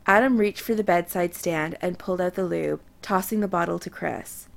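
Woman reading a romance story out loud, soft and intimate, kinda gravelly voice. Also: on the low side, moderate pace, hardly any pauses. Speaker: narrator. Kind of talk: reading romance fiction aloud.

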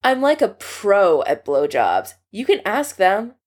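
A woman's voice: mid-range voice, sing-song, slow pace. A woman reading the lines of a prim, stubborn young man in a fan story. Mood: prim, defiant.

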